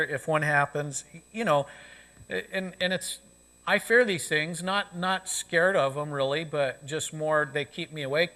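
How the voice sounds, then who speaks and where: A man's voice: on the high side, pushed and bright. A male pastor preaching a sermon in a conversational way, often saying "you know," in a church sanctuary. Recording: long reverb of a church sanctuary.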